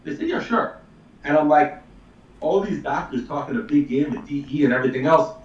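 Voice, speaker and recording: A man's voice: on the high side, a little fast, echoey room, far from the mic, highs cut off. A man telling a long story in casual, emphatic talk, a chiropractor guesting on a live show. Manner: animated, emphatic, swears casually.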